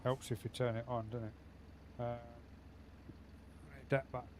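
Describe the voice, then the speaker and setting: A man streams a game from home and talks straight to his viewers in a loose, rambling way. His voice sits at an everyday middle pitch. A faint hum of background noise runs under it. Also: completely flat delivery, moderate pace. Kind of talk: casual live gaming stream chat.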